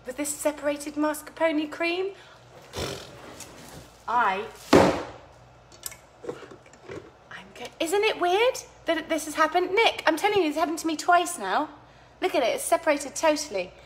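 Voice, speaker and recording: Woman, home kitchen, high voice, faint background hum, giggly, chaotic, swears casually. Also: animated, a little slow, pauses often. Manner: chaotic, giggly, swears freely, chats to viewers by name. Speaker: home cooking vlog host. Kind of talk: casual chat to live viewers while cooking.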